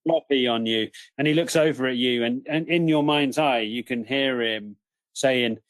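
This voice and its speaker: A man's voice: mid-range voice, moderate pace, dry recording. Man narrating as game master. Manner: vivid, joking narration. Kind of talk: improvised tabletop game narration.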